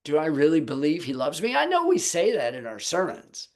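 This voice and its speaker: A man's voice: a little high, huge pitch swings, fairly quick. A man teaching the Bible on a Sabbath video call, posing rhetorical questions to his listeners.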